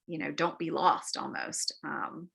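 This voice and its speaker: Bright-voiced woman teaching a Bible class. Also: deep voice, steady tone, unhurried, gravelly, slightly rough. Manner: chatty storytelling with frequent ums and acted quotes. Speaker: Bible study leader. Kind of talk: adult-forum Bible lesson. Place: church meeting room.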